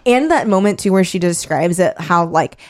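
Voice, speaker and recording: A young woman co-hosting a casual chat, animated, swearing casually and acting out quotes. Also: on the low side, moderate pace. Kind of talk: casual chat recapping a story.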